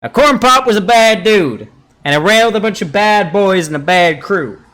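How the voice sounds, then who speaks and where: A man's voice: high-pitched, animated, normal speed, a bit bright, pitched above the performer's own voice. A man doing an impression of an older politician, telling a folksy story.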